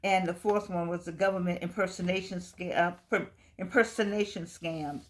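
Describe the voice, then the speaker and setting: A woman's voice: fairly low pitch, steady tone, moderate pace. An older woman with a Southern US accent, talking casually to camera in a folksy, rambling way. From United States. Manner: chatty, folksy, digressing, with laughs. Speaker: vlogger.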